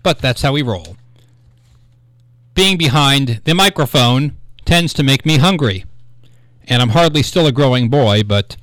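A man's voice: medium pitch, a bit bright, dry recording. A man hosting a local radio show, talking in a chatty, rambling way. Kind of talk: casual radio talk show monologue. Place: small radio studio. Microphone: studio microphone.

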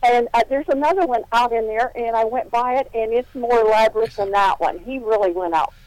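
A woman caller with a fairly high voice, explaining in a helpful, meandering way. Her voice sounds dry and close. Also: fairly quick, darkish tone, no room sound, poor audio. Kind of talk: call-in chat.

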